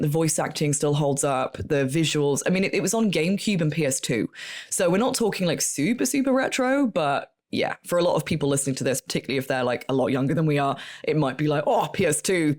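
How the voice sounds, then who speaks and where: A woman, chatting as a guest on a podcast, enthusiastic and quick to laugh, with many fillers. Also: low-pitched, a little mellow. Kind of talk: casual chat.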